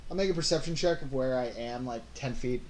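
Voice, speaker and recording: A man's voice: medium pitch, fast talker, a little mellow, slight background noise. A man playing a tabletop game, rambling and saying "like" a lot. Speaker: player.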